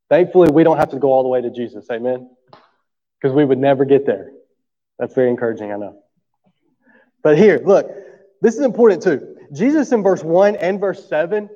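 A man's voice: on the high side, mellow, long reverb tail, dull audio. A man preaching a sermon. He talks to the room in a conversational way, often checks for agreement, and has an allergy cough. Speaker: pastor.

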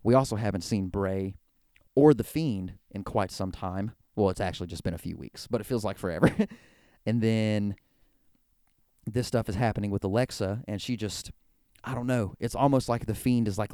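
Guy rambling through a wrestling recap, low mellow voice, super dry close mic. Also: normal speed, clear, resonant tone, no room sound. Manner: rambling, excitable, heavy use of "like". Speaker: podcast host.

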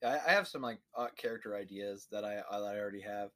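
A male podcast co-host chatting casually, often restarting and filling pauses as he thinks. He talks at a middle pitch with a bright, crisp tone. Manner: halting, filler-heavy speech. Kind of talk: casual chat.

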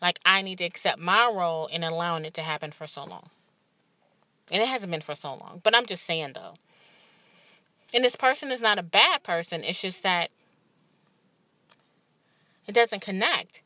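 A woman's voice: fairly low pitch, expressive, normal speed, pauses often, sharp tone, no echo. A woman in her thirties, a podcast host and life coach, telling a personal story in a candid, rambling, emotional way. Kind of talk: casual personal monologue.

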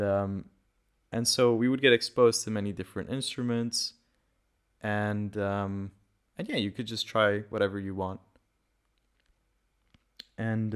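A man's voice: on the low side, smooth. A man hosting a casual solo podcast, a native Portuguese speaker who is a bit sick with a dry throat, rambling and correcting himself as he goes. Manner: rambling, self-correcting, loose and conversational. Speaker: podcast host.

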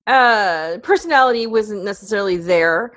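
A woman's voice: mid-range voice, lively intonation, moderate pace, noisy background. A middle-aged woman, a podcast host appearing as a guest, chatting in a rambling, talkative way with frequent laughter. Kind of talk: casual interview chat.

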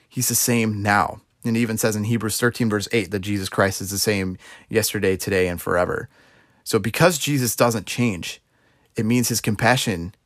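Young guy preaching, chatty, lots of "right?", slightly low voice, dry close mic. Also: dry recording. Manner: conversational, frequent "right?" and "like". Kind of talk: casual sermon.

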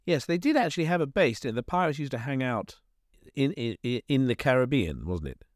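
A man's voice: medium pitch, big pitch swings, fairly quick, no room sound. Dry mock-earnest man. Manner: dry, mock-earnest prompting questions and puns. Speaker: comedy podcast co-host. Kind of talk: improvised comic chat.

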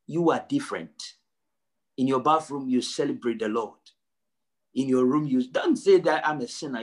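A male pastor preaching a sermon, emphatic, repeating his phrases and swinging from low and quiet to high and loud. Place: church service.

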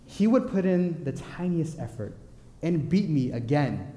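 A young man preaching a sermon, telling stories in an animated, joking way. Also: on the high side, moderate pace. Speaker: pastor. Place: church. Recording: echoey church hall.

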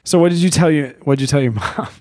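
A man's voice: fairly high pitch, fast talker, a little mellow, dry recording, clean studio sound. A man co-hosting a podcast who jokes and teases in casual banter. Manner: joking, teasing banter. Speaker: podcast co-host. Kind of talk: casual chat.

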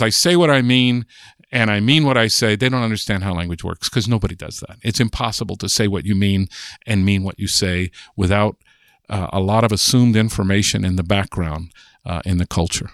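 A man's voice: fairly low pitch, brisk, no echo, studio quality. An older American man, a linguist, explaining ideas in a podcast interview, thoughtful and chatty with restarts. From United States. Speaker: linguist guest.

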